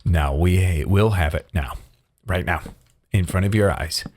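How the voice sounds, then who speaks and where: A man's voice: sits low, a little slow, darkish tone. A man giving casual gameplay commentary, rambling and often cutting himself off with restarts and chuckles. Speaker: gaming video creator.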